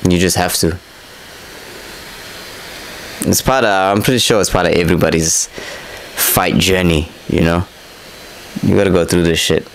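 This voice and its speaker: A man's voice: deep voice, moderate pace, gravelly, long pauses, a little hiss or hum, poor audio. Candid young man breaking down his fight. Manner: candid, self-critical, heavy swearing and slang. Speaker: vlogger reviewing his own boxing fight. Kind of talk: casual fight breakdown commentary.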